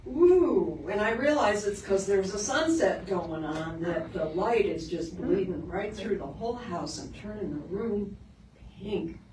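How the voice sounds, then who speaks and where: A middle-aged woman minister tells a story from the pulpit at an unhurried pace, lively in the telling and hushed and earnest as she drives her lesson home. Her voice comes from a distance in a roomy sanctuary, with steady background noise under it. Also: medium pitch. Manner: lively storytelling, shifts into soft earnest emphasis. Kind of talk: storytelling sermon. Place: sanctuary of a spiritual center.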